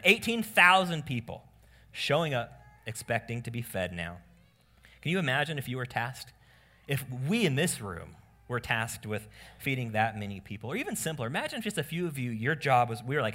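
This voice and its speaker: A male pastor preaching to his congregation in a bright, forceful voice. He shifts quickly between earnest appeals and playful asides, acting out characters with lively energy. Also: mid-range voice. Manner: animated preaching, acts out disciples in voices. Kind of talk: sermon. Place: church room with congregation.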